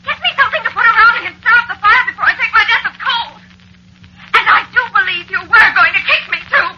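An actress playing a teasing, jealous witch wife in an old-time radio drama, coy and softly threatening. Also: fairly high pitch, very animated, moderate pace, muffled recording, a little hiss or hum, heavily acted. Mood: indignant. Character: sly jealous witch wife, playful and menacing.

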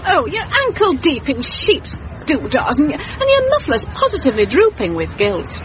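A prim, scolding young wife in a radio comedy, her high voice swooping wildly. The lo-fi broadcast carries a clear crowd and outdoor noise behind her. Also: huge pitch swings, normal speed. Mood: indignant. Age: young adult. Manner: shrill, indignant scolding.

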